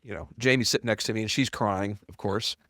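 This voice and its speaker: Here a middle-aged founder recounts his story as a podcast guest at a fairly quick clip. His manner is animated, blunt and self-deprecating, and he performs quoted dialogue with large pitch jumps. The audio is studio quality, with no echo.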